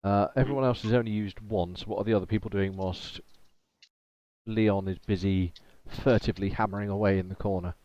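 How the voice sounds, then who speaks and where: A man's voice: on the low side, fairly even intonation, brisk, dark tone, dry recording. A man running a tabletop game as game master, casual and joking, swearing now and then, over dull lo-fi call audio.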